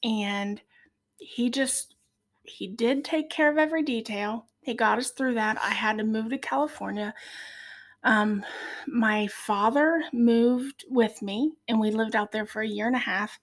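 Earnest woman sharing her faith story. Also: on the high side. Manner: earnest, heartfelt storytelling with many pauses and fillers. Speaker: podcast guest. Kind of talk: personal faith testimony.

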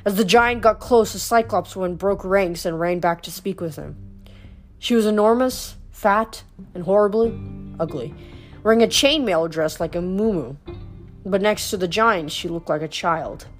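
A woman reads a fantasy novel aloud in a steady, lightly dramatic narrating voice. Her pitch sits in a plain middle range. Faint music plays quietly behind her. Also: normal speed. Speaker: audiobook reader. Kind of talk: storybook reading.

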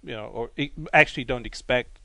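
A man's voice: medium pitch, brisk, vocal fry, pushed and bright, no room sound. Guest: German man, accented English, easygoing, mid-range voice. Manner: hesitant, laid-back, laughs easily. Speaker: podcast guest. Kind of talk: casual chat.

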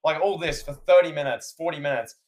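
Guy on a podcast, fairly high voice, gets really worked up retelling a wrestling match. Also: fairly quick. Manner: animated, acts out commentators' lines. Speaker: podcast co-host. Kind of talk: casual chat.

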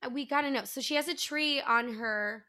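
A woman co-hosting a podcast in casual chat, animated and joking with dramatic flair. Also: high-pitched, normal speed. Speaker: podcast co-host.

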